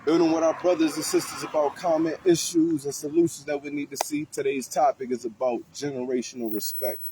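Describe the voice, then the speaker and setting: A man hosting street interviews, talking casually and animatedly in slang to people passing by outdoors. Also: medium pitch. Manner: animated, slangy, talks to passersby. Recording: faint street noise outdoors.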